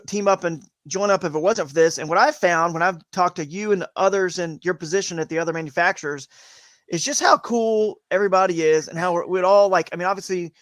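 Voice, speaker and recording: A talkative man with a fairly high voice co-hosts a live stream, rambling through his points with quick restarts. His voice is recorded close and dry. He keeps an easy, casual chat going. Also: no room sound. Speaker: co-host of a kayak fishing live show.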